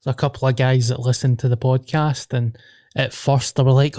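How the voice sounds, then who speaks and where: A man's voice: mid-range voice, level tone, brisk, darkish tone, no room sound, clean studio sound. A man with a Glaswegian Scottish accent hosting a podcast, chatting casually in sweary, laughing banter. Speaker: podcast host. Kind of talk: casual chat.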